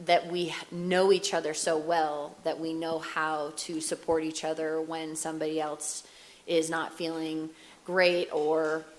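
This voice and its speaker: American woman in her thirties, low steady voice, flat delivery, candid press conference answers. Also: a little hiss or hum. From United States. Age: 30s. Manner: candid, conversational, some fast bursts.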